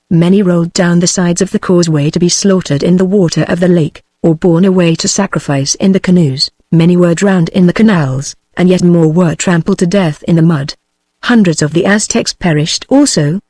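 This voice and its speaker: A text-to-speech woman's voice with a British English accent, reading a novel aloud at a steady, even pace. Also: lowish voice, no room sound. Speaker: audiobook narrator.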